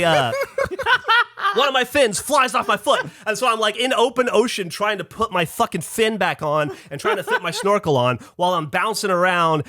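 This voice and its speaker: A man hosting a podcast who tells a story in casual chat. He is animated, swears casually and acts out other people's lines. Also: high voice, no room sound, studio quality. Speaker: podcast host.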